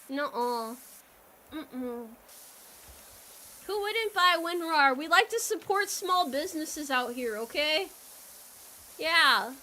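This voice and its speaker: A woman's voice: high-pitched, sharp tone. A young woman streamer chatting casually with her viewers while she plays, rambling and joking and laughing often.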